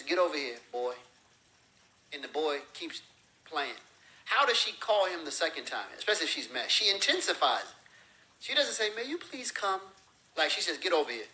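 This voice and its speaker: A man gives an explanatory lecture in a bright, fairly high voice. He illustrates his points with everyday examples, acting out short phrases along the way. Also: low-quality recording. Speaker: religious teacher.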